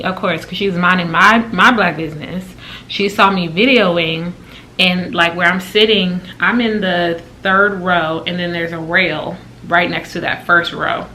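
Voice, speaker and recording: A woman vlogger telling a story in a casual, exasperated way, with her pitch jumping high when she quotes people. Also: moderate pace, a little hiss or hum. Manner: animated and exasperated, with big pitch jumps when quoting.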